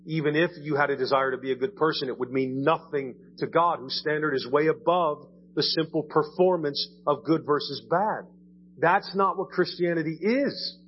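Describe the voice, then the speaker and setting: A man's voice: on the high side, normal speed, lo-fi sound, a little hiss or hum. A man preaching a sermon in a church in a conversational way, often asking "right?" and repeating his words. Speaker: pastor. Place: church sanctuary.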